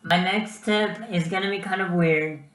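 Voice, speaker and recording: A man's voice: high-pitched, moderate pace, echoey room. A young man giving casual vlog advice, chatty and full of ums and uhs. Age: young adult. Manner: chatty, lots of ums and uhs, animated storytelling. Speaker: student vlogger.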